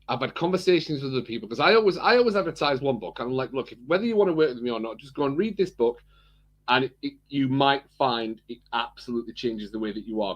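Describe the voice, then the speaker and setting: A man's voice: mid-range voice, fairly bright tone, dull audio. A man co-hosting a podcast, chatting casually and rambling, repeating words and laughing often. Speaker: podcast co-host. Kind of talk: casual chat.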